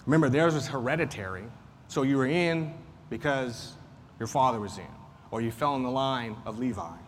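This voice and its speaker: Man teaching Sunday school in reverberant room. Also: medium pitch. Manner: conversational, repeats points, frequent fillers. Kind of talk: Bible class teaching. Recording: faint noise, long room reverb.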